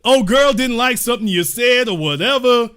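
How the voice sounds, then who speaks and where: Animated high-voiced man hosting a live stream. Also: normal speed, smooth. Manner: animated, joking, acts out scenes with slangy asides to the chat. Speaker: host of a live-streamed commentary show. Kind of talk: casual live-stream commentary.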